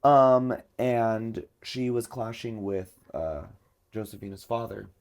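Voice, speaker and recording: A man's voice: on the low side, slow. A man hosting a podcast, telling a story in casual chat and filling it with lots of filler words. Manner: chatty, many filler words. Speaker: podcast host.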